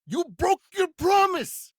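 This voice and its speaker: A man doing an impression of a wild, shouting male wrestler cutting an intense promo. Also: very high-pitched, very animated, takes it slowly, no room sound, clean studio sound, voice pushed up, heavily acted. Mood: intense boasting. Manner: bellowing, intense promo delivery.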